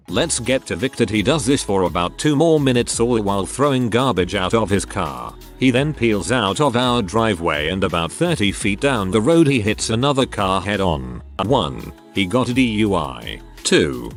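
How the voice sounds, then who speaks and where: A man reading forum stories aloud in an even storytelling manner. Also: lowish voice. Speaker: narrator.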